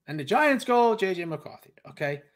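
A man with a high-sitting, sing-song voice speaks at normal speed while co-hosting a casual sports podcast. His delivery is emphatic and repetitive, and he plays out the reactions of other people.

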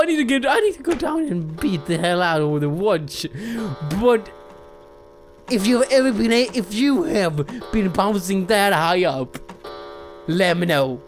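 A woman giving gameplay commentary, excitable, shrieking and swearing often. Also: mid-range voice. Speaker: let's play gamer.

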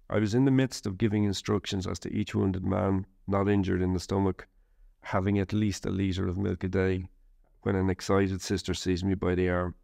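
A man narrating a first-person war memoir in a measured, steady reading. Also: deep voice, gravelly, no echo, clean studio sound.

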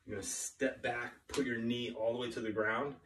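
A man's voice: mid-range voice, little pitch movement, normal speed, slight background noise. A young man coaching a home workout, a little out of breath, upbeat and checking in with "okay?" as he counts out the reps. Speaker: fitness coach. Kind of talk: workout instructions to camera.

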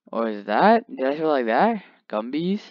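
A man's voice: mid-range voice, very animated, moderate pace, dry recording. Guy rambling over his game, jokes at his pet, lo-fi muffled mic, dead dry room. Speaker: gamer. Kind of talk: casual gameplay commentary. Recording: dull lo-fi mic.

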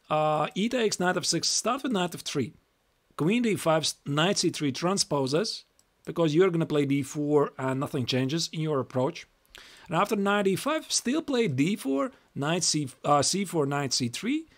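A man's voice: fairly high pitch, lively intonation, measured pace. A young Latvian man with a Latvian accent giving a chatty live-stream chess lesson, reading moves aloud and repeating himself.

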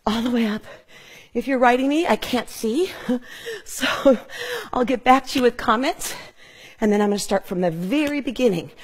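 A middle-aged woman teaches a home workout on a clip-on mic, counting reps and calling out cues. She keeps her tone upbeat even while breathing hard from the exercise. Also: medium pitch, slightly rough. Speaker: fitness instructor. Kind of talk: live workout instruction.

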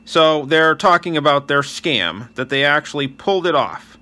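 A man's voice: on the high side, lively intonation, normal speed, bright, forceful tone. A male channel host giving earnest voice-over commentary on gameplay and reading chat aloud. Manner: wishes viewers a blessed day.

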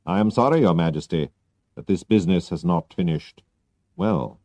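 A man voicing a sharp, confident male detective who explains his plans briskly. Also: deep voice, expressive, dry recording, pitched below the performer's own voice. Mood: cool. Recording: dull lo-fi recording.

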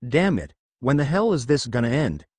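A man voicing a brash, foul-mouthed young ninja boy who complains loudly, in a fan fiction reading. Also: medium pitch, sing-song, moderate pace, no echo. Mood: exasperated. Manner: loud, exasperated, swearing.

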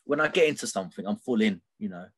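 A fast-talking middle-aged man with a lowish, expressive, slightly rough voice tells a personal story as a podcast guest. He's candid and rambling, tagging sentences with "right?" to keep checking in, and the recording is dry.

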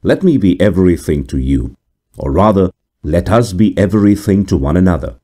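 A man's voice: low voice, expressive, moderate pace, warm tone. A man voicing an earnest, idealistic young male student in a read-aloud horror story, speaking with impassioned pleading. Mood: tender.

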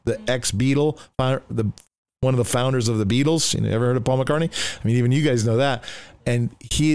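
Pastor, male, animated storyteller; smooth, resonant, close and dry. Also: medium pitch, no echo. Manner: animated, acts out voices, many restarts. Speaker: pastor telling his testimony as a guest. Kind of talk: storytelling testimony.

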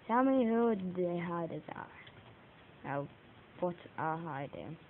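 A woman giving live commentary on her own gameplay, excitable, laughing and mocking herself. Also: on the low side, takes it slowly. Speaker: gaming video maker. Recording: tinny lo-fi mic with faint hiss.

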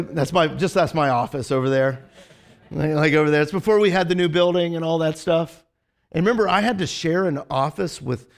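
A man's voice: high-pitched, fairly bright tone. A male pastor preaching a casual, conversational sermon in a church, rambling with restarts.

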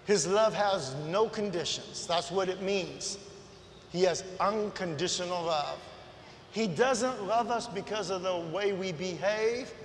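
Guy preaching slow and high, big echoey church hall, goes from quiet to yelling. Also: a little hiss or hum. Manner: impassioned, swings from soft to shouting. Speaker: guest preacher. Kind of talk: sermon. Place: large church sanctuary.

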